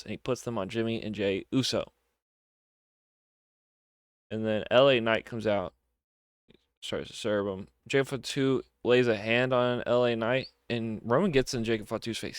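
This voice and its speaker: A man's voice: mid-range voice, moderate pace, clean tone, dry recording, studio quality. A young man giving a casual, enthusiastic solo review of a wrestling show, often repeating words for emphasis.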